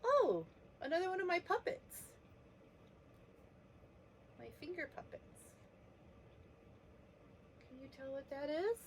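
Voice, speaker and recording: Slow, gentle preschool teacher woman. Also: very high voice, big pitch swings, a little hiss or hum. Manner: slow, gentle, sounding out letters. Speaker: children's teacher. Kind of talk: preschool letter lesson.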